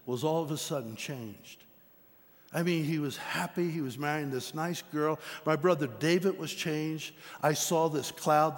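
A middle-aged man preaching, telling his own story in an earnest, storytelling way. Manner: storytelling, earnest, rises in pitch when emphatic. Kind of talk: sermon testimony. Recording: long hall reverb.

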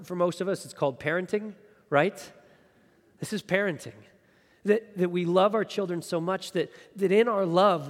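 A man in his thirties preaching a sermon in an earnest way, often repeating a word as he starts a phrase. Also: on the high side. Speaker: pastor. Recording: long hall reverb.

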